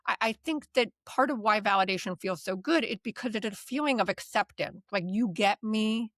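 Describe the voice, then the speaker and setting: A woman's voice: medium pitch, expressive, fairly quick, a bit bright, dry recording. Chatty woman teaching, dry close sound. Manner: chatty, peppered with "like" and "right?"; laughs lightly mid-sentence. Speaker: DBT course instructor and podcast host. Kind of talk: casual teaching chat.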